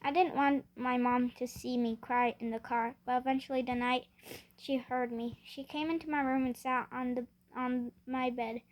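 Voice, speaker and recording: A woman's voice: high-pitched, steady tone, moderate pace. A woman reading a children's novel aloud in first person, often restarting words. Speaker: reader.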